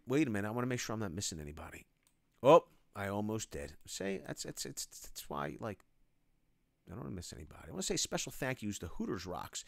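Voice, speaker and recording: Animated man hosting a livestream. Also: medium pitch, no room sound, clean studio sound. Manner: animated, reads chat names aloud, shout-outs. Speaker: livestream host. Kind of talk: casual livestream Q&A, reading chat.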